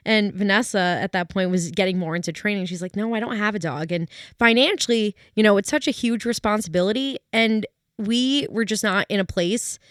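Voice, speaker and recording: A woman's voice: medium pitch, a little fast, few pauses, smooth, dry recording, clean studio sound. A young woman with a New England accent, a guest in a casual chat, speaking earnestly and with feeling. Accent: New England American. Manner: earnest, emotional when telling a story. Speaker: guest, dog trainer.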